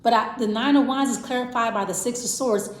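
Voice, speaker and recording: A woman's voice: fairly high pitch, fairly quick. A woman giving a casual, rambling tarot reading. She thinks aloud, restarts her sentences and repeats herself. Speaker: tarot reader. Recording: echoey room.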